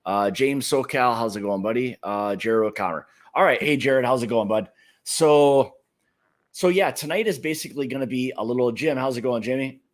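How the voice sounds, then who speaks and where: A man's voice: mid-range voice, normal speed. A man hosting a whiskey club livestream in a casual, easygoing chat, greeting viewers by name and talking with plenty of fillers.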